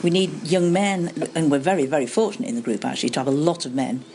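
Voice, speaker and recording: A woman's voice: deep voice, expressive, fast, a little mellow, slight background noise. An older woman, an amateur panto actor, chatting in an interview in a rambling, good-natured way. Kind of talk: casual interview chat.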